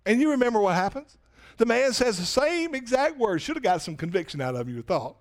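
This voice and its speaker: A man's voice: extremely high pitch, sing-song, a little fast. A man pastor preaching a sermon in a conversational way, often asking the congregation rhetorical questions.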